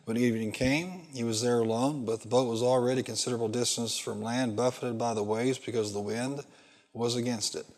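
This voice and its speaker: A man's voice: medium pitch, steady tone, brisk, a little mellow. A male pastor preaching a sermon, reading scripture and pressing the congregation with fill-in questions. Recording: long hall reverb.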